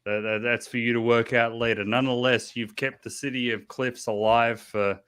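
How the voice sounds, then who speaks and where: A man's voice: mid-range voice, little pitch movement, normal speed, a bit bright, smooth. A man narrating as game master, with many restarts and fillers.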